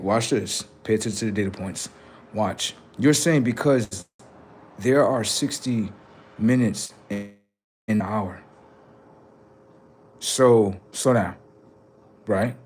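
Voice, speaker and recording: A man's voice: on the low side, darkish tone, a little hiss or hum. A man on a live stream, chatting casually and swearing, then lecturing his viewers insistently about number codes.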